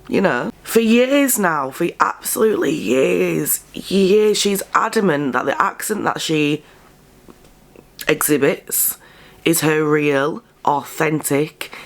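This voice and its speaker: An English woman giving blunt, sarcastic commentary as a vlogger, stressing words with sudden high jumps. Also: expressive, slow. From England. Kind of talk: casual commentary monologue.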